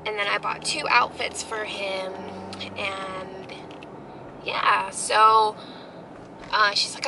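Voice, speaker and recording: A woman's voice: medium pitch, fairly even intonation, takes it slowly, gravelly, long pauses, background noise. A young woman telling a heartfelt story in a casual family vlog, rambling with many fillers. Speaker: family vlogger.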